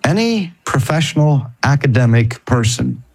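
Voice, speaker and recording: A man preaching and teaching, telling a story with emphatic, slowed stresses on key phrases. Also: mid-range voice, sing-song, vocal fry, darkish tone, no echo. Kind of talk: storytelling sermon.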